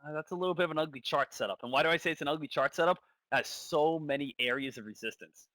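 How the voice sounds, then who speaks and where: Bright-voiced casual stock trading commentator man. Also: a little high, quick pace, dry recording. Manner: casual, thinks aloud, repeats phrases. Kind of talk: live trading stream commentary.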